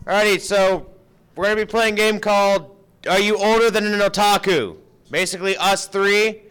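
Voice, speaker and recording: High-voiced man hosting a panel. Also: bright, forceful tone, clear, resonant tone, rough recording. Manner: brisk, casual, swears offhand. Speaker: panel host.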